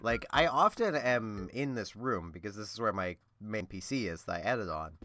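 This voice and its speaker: A man's voice: lowish voice, animated, moderate pace, bright, forceful tone, slight background noise. A young man chatting casually while playing a game, rambling and laughing often. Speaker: let's-player. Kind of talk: casual gameplay commentary.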